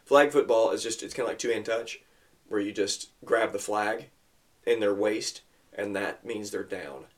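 A man's voice: fairly low pitch, moderate pace. A man hosting a Christian podcast with his boys, praying and telling lessons in a fatherly, storytelling way. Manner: warm fatherly storytelling, teaching his sons; earnest prayer. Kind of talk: Christian family podcast talk.

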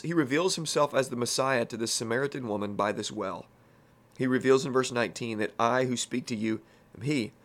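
Folksy, plain-spoken male Bible teacher. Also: mid-range voice. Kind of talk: conversational Bible teaching podcast.

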